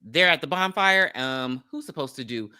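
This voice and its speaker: A woman co-hosting a podcast, recapping a horror movie in casual chat, animated and blunt with frequent ums. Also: very deep voice, moderate pace, clean tone, no room sound, studio quality. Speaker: podcast co-host.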